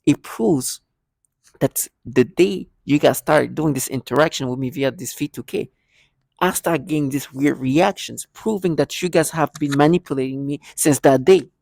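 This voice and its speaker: A man's voice: mid-range voice, normal speed, creaky, a little mellow, no echo, studio quality. A man speaking in a rambling personal monologue, full of restarts and repeated words, acting out remembered conversations. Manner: acts out both sides of remembered conversations. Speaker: vlogger.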